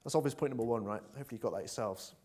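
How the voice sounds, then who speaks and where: Earnest preacher, hesitant then emphatic. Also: male voice, mid-range voice, racing, darkish tone. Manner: earnest, hesitant with many fillers, builds to emphatic appeals. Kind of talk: conversational sermon.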